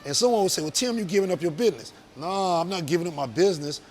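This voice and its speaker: A man's voice: high-pitched, animated, fast talker, darkish tone, a little hiss or hum. A man, a business owner talking earnestly and emphatically as an interview guest. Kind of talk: casual interview talk.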